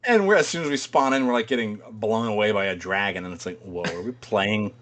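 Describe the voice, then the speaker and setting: A man's voice: on the low side, quick pace, a bit bright. A man co-hosting a podcast in casual chat, rambling, swearing freely and laughing often. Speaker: podcast co-host.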